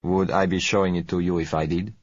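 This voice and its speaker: A man voicing a polite South American oil dealer in an audiobook, with a gentle, unhurried, courteous manner. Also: sits low, little pitch movement, no room sound, lo-fi sound. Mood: smooth, courteous.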